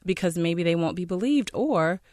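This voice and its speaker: A podcast co-host in a casual chat, earnest and measured. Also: mid-range voice, lively intonation, darkish tone, no room sound, clean studio sound.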